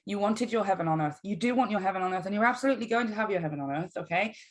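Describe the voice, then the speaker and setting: A woman's voice: medium pitch, animated, racing. A woman giving a casual tarot reading to camera, emphatic and encouraging, often checking in with "right?". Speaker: tarot reader.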